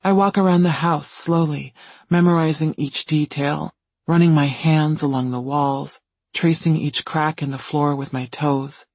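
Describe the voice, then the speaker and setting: A man reading a first-person story in calm, even scripted narration. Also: on the high side, measured pace, husky, dry recording. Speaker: audiobook reader.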